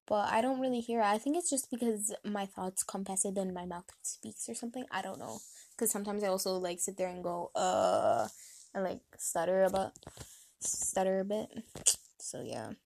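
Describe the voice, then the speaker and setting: A young American woman rambles through a casual vlog at a quick clip, piling on fillers and restarts. Her voice sits at a middle pitch, chatty and a little nosy in tone. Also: expressive, creaky, darkish tone. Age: young adult. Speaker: vlogger.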